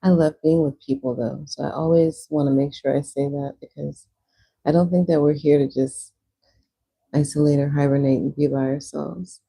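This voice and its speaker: A woman's voice: deep voice, fairly even intonation, moderate pace, vocal fry, dark tone, husky, poor audio. A young woman livestreaming, chatting casually while she paints, rambling with lots of "like" fillers.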